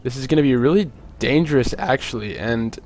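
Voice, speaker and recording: A young man casting a video game match on his own, chatty and jokey, with many filler words and quick asides. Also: medium pitch, a little mellow, a little hiss or hum. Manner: rambling, jokey, lots of "like" fillers. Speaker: esports caster. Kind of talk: solo play-by-play commentary.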